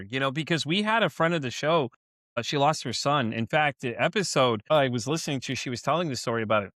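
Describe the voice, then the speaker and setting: A man's voice: medium pitch, lively intonation, fast talker, fairly bright tone, dry recording, studio quality. A man with a Texan accent hosting a podcast in casual chat, telling stories animatedly, swearing and acting out his own reactions. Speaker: podcast host.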